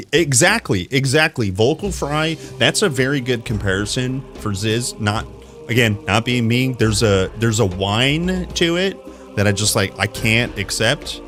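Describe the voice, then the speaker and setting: A man's voice: mid-range voice, expressive, unhurried, a bit bright, faint music behind. A young man live-streaming a game, chatting loosely with viewers, often correcting himself mid-sentence and laughing at the chat. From America. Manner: rambling, self-correcting, answers chat with laughs.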